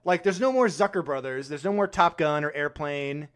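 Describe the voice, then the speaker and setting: A man's voice: a little high, moderate pace. A young man co-hosting a podcast, chatting casually about a movie, laughing often and acting out lines in silly voices. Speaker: podcast co-host. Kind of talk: casual movie review chat.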